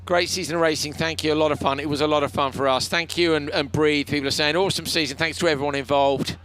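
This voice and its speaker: A male rallycross commentator, hoarse and tired, chatting warmly and emotionally on a live broadcast. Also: fairly high pitch, fairly even intonation, quick pace, slight background noise. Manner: chatty, emotional, laughs often. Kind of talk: casual live broadcast chat.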